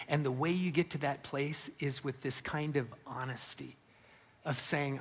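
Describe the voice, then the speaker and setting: A man's voice: fairly high pitch, steady tone, moderate pace. A middle-aged man preaching a sermon, telling a personal story in an earnest way that swells with feeling. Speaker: pastor. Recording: long hall reverb.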